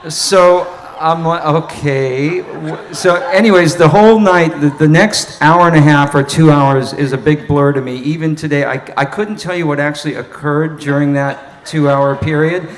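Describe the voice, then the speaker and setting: A man, a saxophone player, telling an animated story at a live Q&A and laughing as he goes. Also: on the high side, normal speed, few pauses. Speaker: saxophonist guest.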